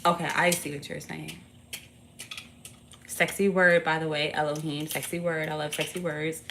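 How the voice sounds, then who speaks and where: Her voice is deep and a bit bright, with vocal fry and little pitch movement, at a normal speed, over a little hiss or hum. A tarot streamer, she keeps things playful and slangy, cursing, laughing out loud, and teasing a baby between readings.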